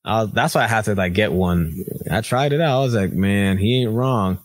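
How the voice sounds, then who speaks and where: A man's voice: lowish voice, a little fast. A man co-hosting a podcast in casual chat, telling stories animatedly, acting out what others said, and laughing often. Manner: animated storyteller, acts out quoted voices, laughs often. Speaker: podcast co-host.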